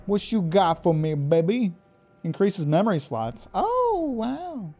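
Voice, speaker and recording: A man streaming a video game live, reacting excitably, swearing and taunting the enemies he fights. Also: high-pitched, takes it slowly, soft background music. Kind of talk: live gameplay commentary.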